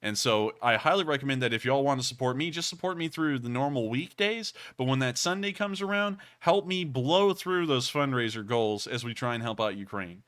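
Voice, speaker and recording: A man hosts a casual livestream, answering viewer messages. He talks in an earnest, rambling way and thanks people over and over. His voice is bright and clean, recorded dry with no room sound. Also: mid-range voice, lively intonation, fairly quick, hardly any pauses, dry recording. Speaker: livestream news host.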